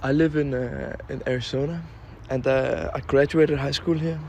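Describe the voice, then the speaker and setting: A man's voice: mid-range voice, fairly even intonation, moderate pace, gravelly, darkish tone, a little hiss or hum. A man from Denmark telling a school story hesitantly, with many fillers and restarts. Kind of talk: casual storytelling.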